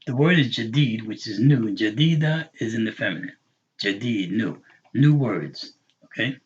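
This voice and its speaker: Husky man teaching a slow patient class. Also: medium pitch, lively intonation. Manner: patient, repeats words slowly for learners. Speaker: Arabic teacher. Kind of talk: online class lesson. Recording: dull lo-fi recording.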